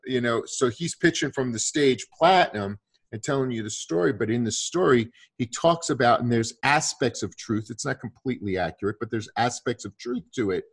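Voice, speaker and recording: A man with a husky, slightly breathy voice tells a story in a loose conversational way. He talks with animation and keeps slipping into quoted lines from the people in his story. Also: mid-range voice. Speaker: guest storyteller.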